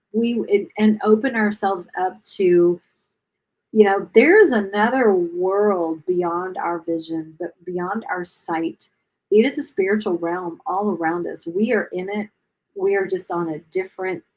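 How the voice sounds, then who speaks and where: A woman hosting a casual chat, explaining her views in an earnest, steady way. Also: fairly low pitch, husky, poor audio. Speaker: host.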